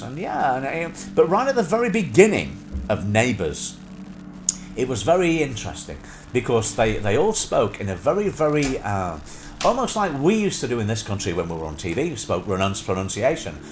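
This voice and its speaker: A man's voice: medium pitch, slight background noise. A man in his thirties hosting a live stream, chatting in a casual, rambling way with many fillers and restarts. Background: music.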